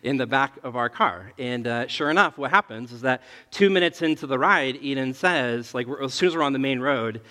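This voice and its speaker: A man in his thirties, a pastor telling a family story in a relaxed, chatty sermon and often laughing at himself. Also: medium pitch, fairly quick, hardly any pauses. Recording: long reverb of a large hall.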